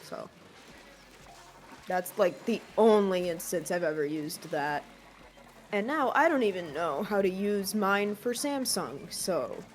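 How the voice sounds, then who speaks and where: A woman's voice: on the low side, lively intonation, takes it slowly, a little hiss or hum. Chatty woman telling a story. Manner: storytelling with filler words and asides. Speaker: stream co-player. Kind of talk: casual chat while gaming.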